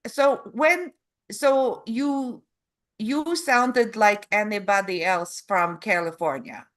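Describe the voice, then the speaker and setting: A woman interviewing a guest, speaking haltingly as she searches for her words. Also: mid-range voice. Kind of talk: casual interview.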